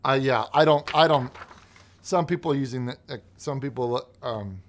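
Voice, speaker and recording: A man hosts a comedic call-in show and reads faxes aloud. His voice sits at a middle pitch. He stumbles and restarts his sentences often, as if caught off guard. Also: a little hiss or hum. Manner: halting, flustered, many restarts. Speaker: host.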